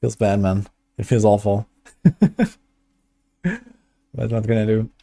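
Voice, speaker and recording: Low, flat-voiced man streaming a game. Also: slow, creaky. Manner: relaxed, chatty, thinking aloud while playing. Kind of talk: casual gameplay commentary.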